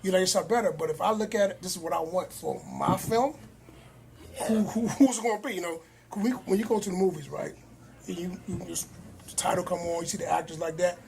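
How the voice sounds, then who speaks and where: A man, a filmmaker guest, talking in a casual podcast conversation, animated and acting out quoted lines. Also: high voice, a little fast, creaky, slight background noise. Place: cigar lounge.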